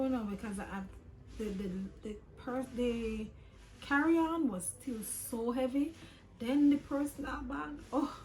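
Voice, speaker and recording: A woman's voice: a little high, poor audio. A Jamaican woman vlogger casually telling a travel story, slipping patois into her talk.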